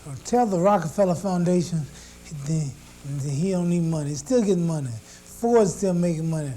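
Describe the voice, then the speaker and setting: Boastful champion with mellow, high voice. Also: male voice, animated, normal speed, soft background music. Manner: boastful, rhythmic rhetorical questions. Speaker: boxing champion speaking to press. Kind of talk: press conference speech.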